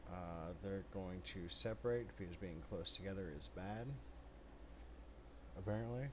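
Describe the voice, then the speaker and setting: A man running a tabletop game as game master, blunt and brisk, who swears casually. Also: low-pitched, noisy background.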